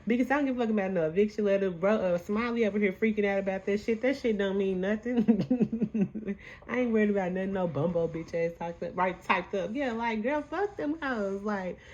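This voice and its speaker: A woman's voice: medium pitch, fairly quick, darkish tone, highs cut off. A young woman hosting a casual reality show recap, blunt and heated, swearing freely.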